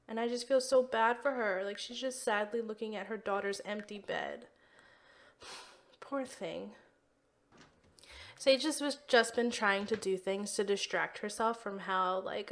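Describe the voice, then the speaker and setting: A woman's voice: mid-range voice, bright, forceful tone. A young woman hosting a let's play, narrating her life-sim game casually with lots of "um" and "like". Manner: chatty, many fillers and "like".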